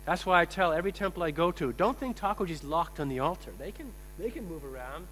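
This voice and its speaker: A man with a fairly high voice gives a lively, story-filled sermon. His words ring through a large temple hall with a long reverb. A faint mains hum sits underneath. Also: fast. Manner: animated, acts out quotes, laughs. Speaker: swami giving a lecture.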